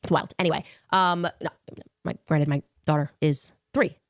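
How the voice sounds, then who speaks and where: A woman's voice: sits low, fairly even intonation, normal speed, no echo, clean studio sound. A woman in her thirties hosting a podcast, talking through a timeline with exasperated sarcasm. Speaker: podcast host. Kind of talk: podcast commentary.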